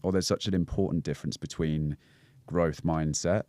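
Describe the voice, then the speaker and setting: A man's voice: a bass voice, steady tone, moderate pace, darkish tone, dry recording. A man with a Scouse accent, a podcast guest talking through breathwork and mindset in a reflective, explanatory way, with many fillers and restarts. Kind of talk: casual podcast conversation.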